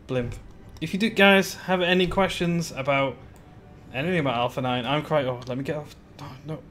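A man's voice: a little high, fairly quick, fairly bright tone, slight background noise. A man chatting casually on a live stream while building in a game, greeting viewers by name with giggly asides.

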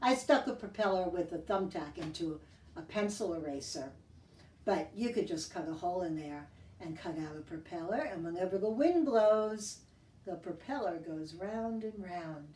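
A woman hosting a children's library storytime, talking to kids in a gentle, teacherly sing-song and reading a picture book aloud. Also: fairly low pitch, far from the mic, slight background noise. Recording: echoey room, voice off-mic, guitar behind.

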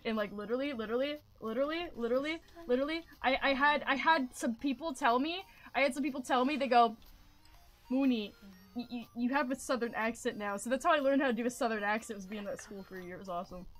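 A young woman streaming a game, talking casually in an excitable, rambling way and swearing often. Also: high-pitched, rapid-fire, few pauses. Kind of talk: casual gaming commentary.

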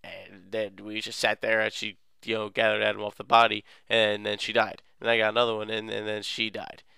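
A man's voice: on the low side, monotone, fairly quick, creaky, bright, forceful tone, smooth, no echo, studio quality. A young man hosting a let's play, casually recapping the game in a rambling, goofy way with lots of filler words.

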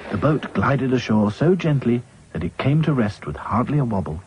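A man narrating a children's story in a lively, expressive way. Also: medium pitch, moderate pace, hardly any pauses. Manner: lively, voices every character himself. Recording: slightly dull with faint hiss.

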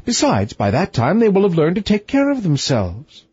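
A man voicing a fretful, sharp-tongued middle-aged queen in a raised, plaintive voice. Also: high-pitched, huge pitch swings, normal speed, slightly rough, dry recording, lo-fi sound, voice pushed up, exaggerated voice. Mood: soothing.

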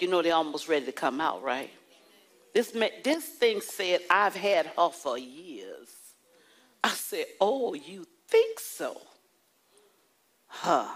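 A woman pastor preaching a sermon, animated and playful with the congregation. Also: lowish voice. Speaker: pastor and prophetess.

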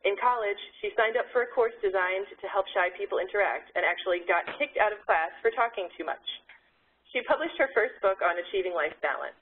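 A woman hosting a webinar, giving measured instructions with a few slips before introducing the speaker. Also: lowish voice, slight background noise. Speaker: webinar host. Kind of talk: reading housekeeping instructions. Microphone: video call. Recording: tinny phone-like line.

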